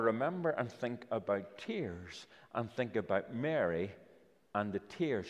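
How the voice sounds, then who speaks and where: A man's voice: medium pitch, long reverb tail. A man preaching a children's talk sermon, telling the story and inviting listeners up to taste props.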